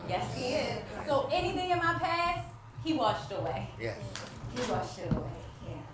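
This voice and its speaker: An actress playing a grieving wife who longs for a child, delivering an emotional stage monologue that moves between despair and faith. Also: female voice, fairly high pitch, big pitch swings, normal speed, recorded from a distance, a crowd in the background. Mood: heartbroken. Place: theater stage. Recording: echoey stage miked from afar.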